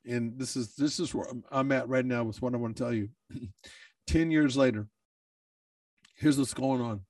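A man's voice: medium pitch, fairly even intonation, moderate pace, darkish tone, no room sound, recorded from a distance. A man who is a bodybuilder, talking in a candid personal monologue, emotional and swearing freely.

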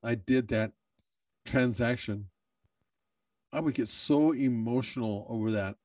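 A man's voice: medium pitch, a little slow, darkish tone, no room sound, far from the mic. A man who is a bodybuilder, talking in a candid personal monologue, emotional and swearing freely.

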